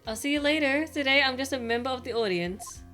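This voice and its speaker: A woman's voice: high voice, fairly quick, fairly bright tone, soft background music, voice pushed up. A woman voicing a cheerful, naive teenage circus girl while reading game dialogue aloud. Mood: chirpy.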